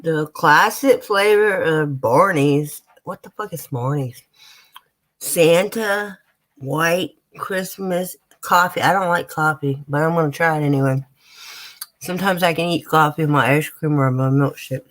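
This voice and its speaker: A woman's voice: low-pitched, measured pace, fairly bright tone. An American woman chatting casually on a live stream, swearing freely and talking straight to her viewers. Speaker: vlogger.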